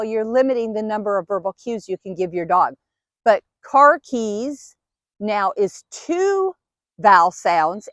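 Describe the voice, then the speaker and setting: A woman's voice: medium pitch, a bit bright, no echo. A woman dog trainer patiently explaining each step while giving cues and praise to her dog. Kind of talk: instructional demonstration.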